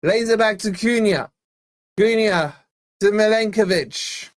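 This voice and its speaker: A young man from Scotland hosting a live fan watch-along, giving exasperated, chatty play-by-play and reading out viewer shout-outs. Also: sits high, measured pace. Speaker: fan channel host.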